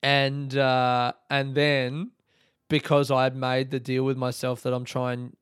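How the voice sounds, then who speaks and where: A man's voice: mid-range voice, monotone, slow, clear, resonant tone, no echo, studio quality. A young man hosting his own podcast, telling a story in a rambling, sweary way and laughing often. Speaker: podcast host and stand-up comedian. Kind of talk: casual solo podcast monologue.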